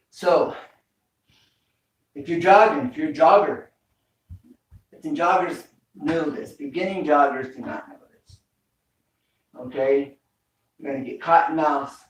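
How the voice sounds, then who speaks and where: A man teaching a home workout, coaching breathing with repeated cues. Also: fairly high pitch. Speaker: fitness instructor. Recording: echoey room, mic far off.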